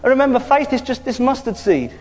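A man preaching a conversational sermon, lively and informal, punctuated with hallelujahs. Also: very high voice, fast. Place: church hall. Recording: hall reverb.

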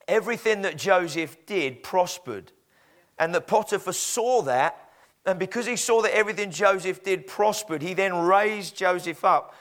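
A man's voice: high voice, a bit bright. A man preaching a sermon in a conversational, storytelling way with frequent fillers.

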